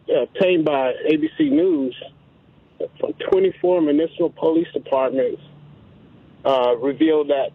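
An earnest male radio caller who hesitates and fills his pauses with fillers. His voice is fairly high and husky. It sounds tinny and dry over the phone line. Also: no echo. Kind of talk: call-in radio talk.

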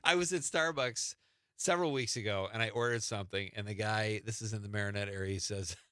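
Bright-voiced man hosting a talk show. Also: on the low side, no room sound, studio quality. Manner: easygoing, joking, quick to laugh along. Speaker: radio talk show host. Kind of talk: casual radio interview chat.

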